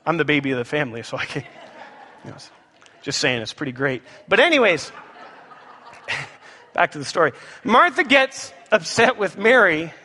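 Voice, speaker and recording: A male pastor preaches in a high, bright, lively voice. He speaks to the congregation with playful asides. His voice rings around a large hall with a long reverb. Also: moderate pace, pauses often. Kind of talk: sermon.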